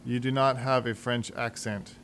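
A man voicing a precise, cold gentleman of forty. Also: mid-range voice, level tone, normal speed, a little hiss or hum, natural voice. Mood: stiff, exacting. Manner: clipped and exacting.

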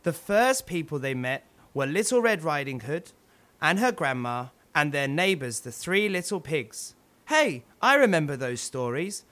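A man narrating a children's story with animated, chatty asides. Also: a little high, unhurried.

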